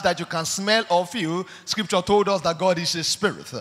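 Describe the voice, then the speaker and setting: High-voiced preacher in a reverberant hall. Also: male voice, normal speed, few pauses. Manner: animated, storytelling with acted quotes. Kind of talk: sermon.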